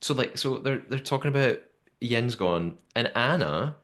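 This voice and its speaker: A young man hosting a podcast, chatting casually and telling the story in a lively way with lots of fillers. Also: medium pitch, unhurried. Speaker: podcast host. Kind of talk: casual recap chat.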